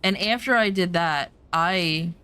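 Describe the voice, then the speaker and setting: A woman's voice: fairly low pitch, measured pace, pushed and bright, clean tone. A woman streamer chatting casually over gameplay, telling personal stories bluntly and emphatically, swearing now and then.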